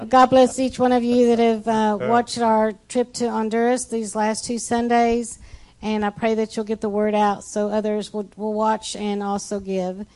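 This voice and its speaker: A woman's voice: on the high side, level tone, measured pace, poor audio. A woman from a church mission team chatting about trip photos in front of the congregation, with plenty of fillers. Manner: chatty, warm-hearted, with fillers. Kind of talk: casual talk presenting trip photos.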